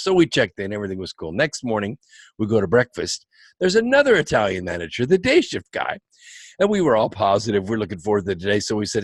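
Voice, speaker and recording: Lively low-voiced storyteller man. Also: fast talker, no echo. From United States. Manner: animated, wry storyteller. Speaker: guest author. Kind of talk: anecdotal storytelling.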